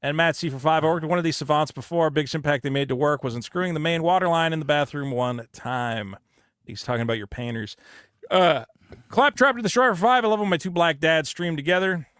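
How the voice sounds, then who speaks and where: A man with a high, bright voice co-hosts a casual comedy podcast and reads viewer chats aloud. He tells stories loudly and animatedly, putting on panicked voices. The recording is dry and close. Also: quick pace, clean tone, no room sound. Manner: loud, animated storytelling with put-on panicked voices. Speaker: podcast co-host reading super chats.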